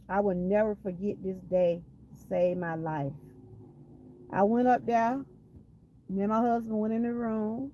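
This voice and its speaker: A woman's voice: medium pitch, dull audio, slight background noise. A woman with a Southern US accent from Georgia, giving an emphatic personal faith testimony and repeating phrases for weight. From Georgia, USA. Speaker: vlogger sharing a testimony.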